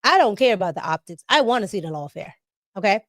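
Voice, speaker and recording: A woman hosting a casual political commentary vlog, talking in an animated way with frequent laughter and emphatic tag questions. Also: medium pitch, quick pace, no echo, clean studio sound. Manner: animated, laughing often, emphatic "okay?" tags.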